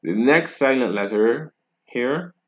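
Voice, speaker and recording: A man's voice: medium pitch, animated, slow, fairly bright tone, muffled recording. A man with a Barbadian accent, teaching a French pronunciation lesson in a casual, patient way and often checking in with tag questions.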